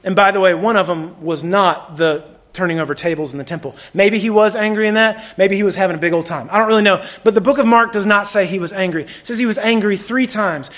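A man preaching a sermon in a lively, conversational way, swinging between loud bursts and hushed lines. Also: sits high, fast, hardly any pauses. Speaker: pastor.

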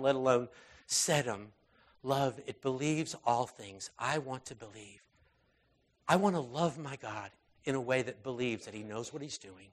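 A man in the mid-range preaches informally, as if in conversation. Fillers and false starts run throughout, and his intensity rises at times before dropping into quiet, soft passages.

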